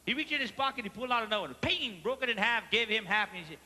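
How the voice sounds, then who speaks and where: A man with a Cajun accent telling comic stories on stage, animated and mixing in French phrases as he asks the audience questions. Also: high-pitched, fast talker, few pauses. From Louisiana. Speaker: stand-up comedian. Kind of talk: live stand-up storytelling. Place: large theater stage before a live audience. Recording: live theater recording with hall reverb and faint ambience.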